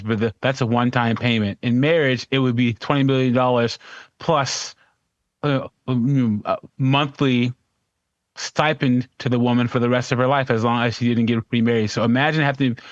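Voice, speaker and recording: A man's voice: mid-range voice, dry recording. Man co-host, dry dull audio. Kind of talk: casual chat on a call-in show.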